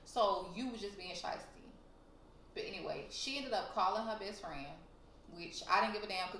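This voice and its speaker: A woman's voice: medium pitch, animated, a little fast, fairly bright tone, slight background noise. A young woman vlogger telling a storytime to her viewers in a blunt, profane, heated way. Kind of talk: casual storytelling to camera. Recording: roomy echo.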